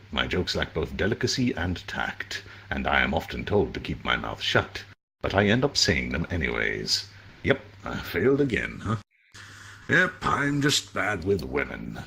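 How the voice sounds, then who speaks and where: Deep gravelly man reading a story. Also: moderate pace. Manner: expressive, dry asides. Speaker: story reader.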